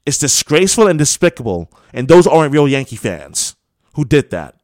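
A man's voice: fairly high pitch, sing-song, moderate pace, darkish tone, no room sound, studio quality. A man hosting a sports radio show, giving a heated opinion monologue full of scolding rhetorical questions. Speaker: radio host.

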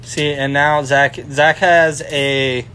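A young man hosting a casual podcast at a middle pitch. He laughs often and scatters "like" through his sentences. There is a faint hiss of room noise behind him. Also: flat delivery, takes it slowly, bright, forceful tone. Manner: laughs often, uses "like" a lot. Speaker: podcast host. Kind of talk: casual chat.

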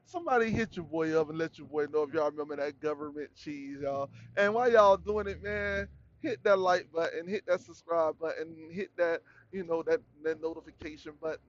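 A man hosting his own podcast in a loose, rambling rant full of slang. His voice sits high for a man. The recording is dull and lo-fi. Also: fairly quick. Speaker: podcast host.

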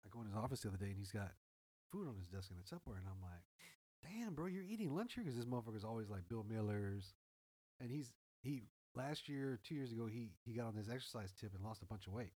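In a rough recording, a man with a fairly low voice talks at a quick pace, telling a story in casual chat. He swears freely and acts out the quoted dialogue with animated energy.

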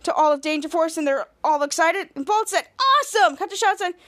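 A woman's voice: very high voice, fast. A woman podcast host casually recapping a TV episode scene by scene, quoting the characters as she goes.

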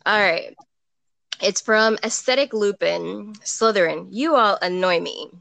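A woman's voice: mid-range voice, unhurried, creaky, a bit bright, dry recording. A woman co-hosting a podcast over an online call, chatting easily, giggling and reading listener prompts aloud. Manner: giggly, easygoing. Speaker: podcast co-host.

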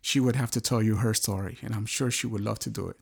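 Man, middle-aged, gravelly, husky, earnest testimony, halting speech. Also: lowish voice, fairly even intonation. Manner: earnest, halting, searching for words. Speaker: storyteller sharing a personal testimony. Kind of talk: emotional personal testimony.

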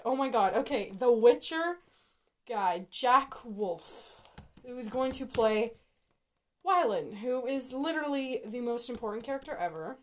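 A young woman vlogger reacting live and excitably, with loud bursts and quiet mumbling. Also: fairly high pitch, measured pace. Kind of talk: live casting reaction vlog.

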